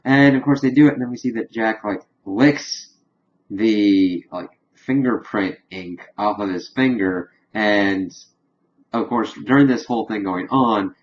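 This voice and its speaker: A man with a somewhat low voice recaps a TV episode in a loose, rambling way. He fills his retelling with casual fillers and loses his thread now and then. The recording sounds dull and lo-fi, with the top end rolled off. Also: a little slow. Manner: rambling, filler-heavy storytelling. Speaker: TV episode reviewer.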